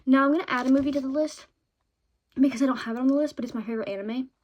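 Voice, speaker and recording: Young woman rambling fast about her fave shows, kinda high voice, keeps saying okay?. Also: lo-fi sound. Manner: chatty, fast and excitable, ends points with "okay?". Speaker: vlogger. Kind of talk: casual chat about favorite shows and books.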